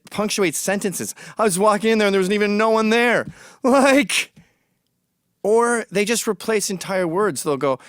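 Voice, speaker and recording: A man's voice: on the high side, no echo, studio quality. Blunt, mocking middle-aged British man. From Britain. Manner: blunt, mocking, swings between loud jabs and muttered asides. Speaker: commentator. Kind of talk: opinionated monologue to camera.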